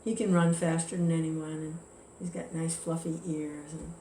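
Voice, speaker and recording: A woman with a fairly low voice gives a devotional scripture class, telling a story in a relaxed, chatty way. The recording is roomy and echoey, with faint ambience behind her. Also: moderate pace, background noise.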